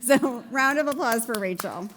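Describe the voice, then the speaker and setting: A woman host with a slightly high voice and noticeable vocal fry. She moderates a live summit panel from an auditorium stage, effusive and laughing often. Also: animated, normal speed, a bit bright, slight background noise.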